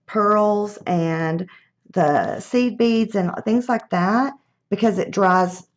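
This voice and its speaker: A woman's voice: mid-range voice, highs cut off. A middle-aged woman, chatting casually through a live craft demonstration, thinking aloud and laughing at her own mishaps.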